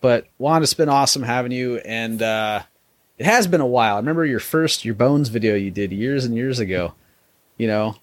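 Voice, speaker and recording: A man's voice: mid-range voice, lively intonation, brisk, no echo. A young man co-hosting a podcast, laid-back and rambling in casual chat. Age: young adult. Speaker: podcast co-host.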